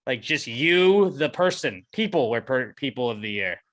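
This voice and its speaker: A man's voice: mid-range voice, expressive, moderate pace, fairly bright tone. A man co-hosting a podcast, in casual banter that turns into profane, heated rants. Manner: profane, ranting, gets heated. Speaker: podcast co-host.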